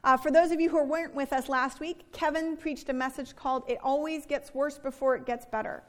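A woman's voice: sits high, fairly even intonation, fairly quick. A woman reading scripture and preaching a sermon in an earnest, conversational way. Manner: earnest, conversational, acts out quoted complaints. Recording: reverberant worship hall.

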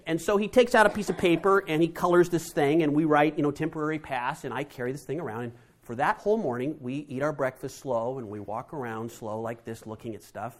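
A man telling a family story to an audience, animated and lively. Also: on the high side. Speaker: speaker.

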